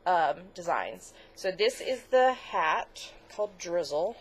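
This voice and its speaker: A woman's voice: lowish voice, lively intonation, takes it slowly, slight background noise. A middle-aged woman co-hosting a crafts podcast in casual chat, gushing, chatty and easily moved. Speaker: podcast co-host.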